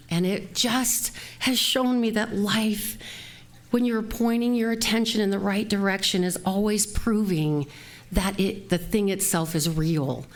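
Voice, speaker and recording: A woman's voice: medium pitch, steady tone, a little slow. A woman minister giving a heartfelt, earnest and direct sermon, recorded live at a spiritual center.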